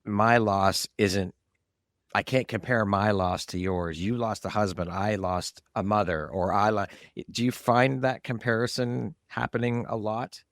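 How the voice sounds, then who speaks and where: Host: low-voiced man, gentle and affirming interviewer, dry close sound. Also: steady tone, unhurried, no room sound. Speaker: podcast host. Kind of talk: interview questions.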